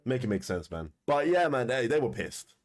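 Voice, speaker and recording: A man's voice: mid-range voice, sing-song, moderate pace, faint music behind. A man telling a story to camera in a casual, slangy way, often laughing. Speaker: commentator.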